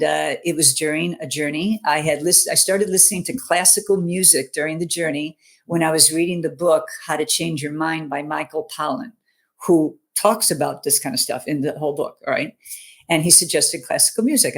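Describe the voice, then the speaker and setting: A woman's voice: sits low, moderate pace. A middle-aged woman, a mental fitness coach, telling a personal story in an online interview. She speaks earnestly and keeps checking in with "you know", "okay?" and "right?".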